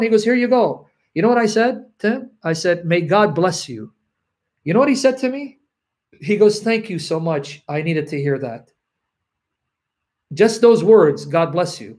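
Speaking at normal speed with lively intonation, this Christian preacher has a high-pitched yet darkish voice. Preaching online, he voices selfish characters defying God, uses repetition for emphasis, and moves into a personal story.

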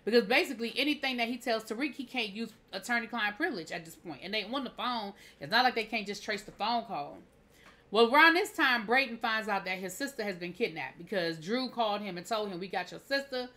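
Her mid-range voice is pushed and bright, and she speaks fairly quickly. Recapping an episode casually as a TV reviewer, she gets heated and opinionated, performing scenes through quoted dialogue and firing off rhetorical asides.

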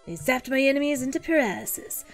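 A woman's voice: high voice, lively intonation, quick pace, soft background music. A woman voicing a brash army veteran gym leader. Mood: boastful. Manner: boastful, taunting.

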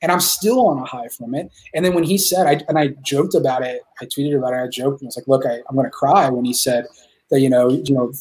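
A man talking as a guest filmmaker in a casual interview, excited and rambling, swearing freely as he tells stories. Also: mid-range voice, fast talker.

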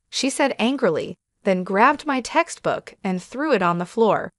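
A woman reading a first-person story aloud as scripted narration, in a steady, measured way. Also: mid-range voice, no room sound, clean studio sound.

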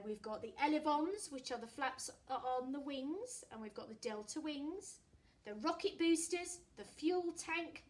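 High-voiced woman teacher reading aloud. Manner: expressive, friendly reading. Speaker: primary school teacher. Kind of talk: reading a storybook to a class.

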